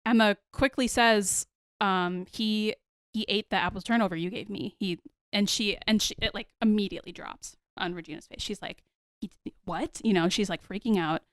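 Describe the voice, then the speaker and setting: A woman's voice: medium pitch, normal speed, no echo. A woman hosting a podcast, recapping a TV episode in casual chat and animatedly acting out the characters' lines. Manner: animated, acts out characters' lines, addresses listeners as y'all. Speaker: podcast host.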